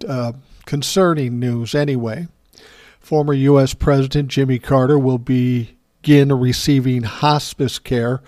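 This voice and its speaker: A man's voice: mid-range voice, a little mellow, no echo, studio quality. An older man hosting a show, telling stories in a casual, self-mocking way, swearing freely. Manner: profane, self-mocking and wry. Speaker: host. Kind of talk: casual storytelling monologue.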